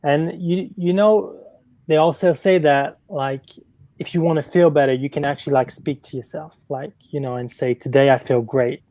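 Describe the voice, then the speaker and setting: Woman co-host with a mellow voice, chatty. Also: deep voice, moderate pace, no room sound, poor audio. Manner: chatty, lots of "like" and "you know" fillers. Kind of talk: casual live-stream chat.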